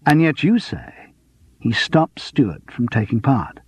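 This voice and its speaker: A man playing a calm, probing sleuth. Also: mid-range voice, slightly rough, dry recording, heavily acted. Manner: measured, persistent, cool. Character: calm probing man, quietly insistent investigator. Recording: dull lo-fi dry audiobook recording.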